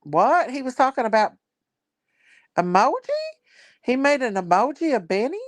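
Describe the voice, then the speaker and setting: A woman's voice: fairly high pitch, expressive, moderate pace, pauses often, no room sound. A woman hosting a casual livestream, chatting and reading viewer comments aloud. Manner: chatty, reads viewer comments aloud, Southern-style grammar. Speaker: livestream host.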